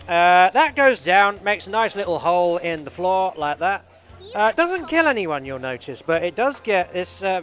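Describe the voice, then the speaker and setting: A speedrunner talking through his own game run live, explaining each move in a steady, easy way with many fillers. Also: high voice.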